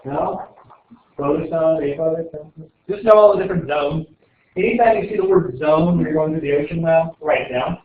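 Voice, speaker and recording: At normal speed and fairly high pitch, a man leads his students through an informal exam review in class, full of jokes, quiz questions and rambling. The sound is echoey, tinny and lo-fi.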